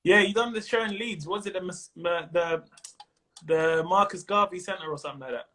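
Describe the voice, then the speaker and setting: A man in his thirties with a London accent, a comedian chatting casually on a video call, animated and quick to mimic other voices. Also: high voice. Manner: animated, slips into mimicked voices and laughs often. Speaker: comedian guest. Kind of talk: casual chat.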